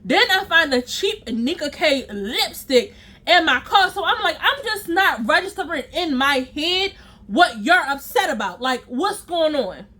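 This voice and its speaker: A woman vlogger telling a personal story in an animated, emphatic and profane way, acting out scenes with sound effects. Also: sits high, unhurried.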